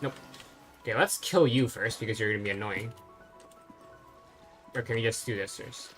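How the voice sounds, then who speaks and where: A game streamer talking through a playthrough in an easygoing, thinking-aloud way, often stopping on fillers mid-sentence. The pitch sits at an ordinary middle level. Game music plays faintly underneath. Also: moderate pace, fairly bright tone. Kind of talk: casual let's-play commentary.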